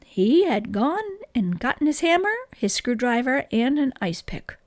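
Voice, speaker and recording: A woman reading a children's book aloud in an expressive, gentle storytelling manner, close to the microphone. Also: high-pitched, measured pace, no echo.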